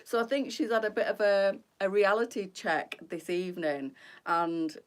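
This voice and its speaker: A woman's voice: mid-range voice, moderate pace. A middle-aged woman, hosting a casual live stream and chatting with her viewers, greeting them by name and rambling freely.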